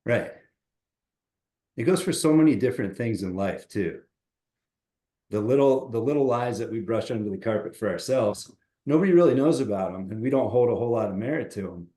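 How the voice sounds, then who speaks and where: Man, motivational guest, encouraging, roomy echo, middle pitch. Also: lively intonation, brisk. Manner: upbeat, counts push-ups loudly and out of breath. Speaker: podcast guest, motivational coach. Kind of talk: casual podcast chat.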